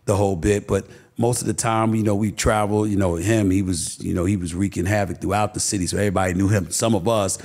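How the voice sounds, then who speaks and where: A middle-aged New York man guesting on a talk show and telling stories. His voice is low and gravelly, with a husky edge. He talks emphatically and keeps restarting his sentences. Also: fairly even intonation, fast talker, few pauses, darkish tone. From Queens, New York. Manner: emphatic storyteller with many restarts. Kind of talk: podcast interview, storytelling.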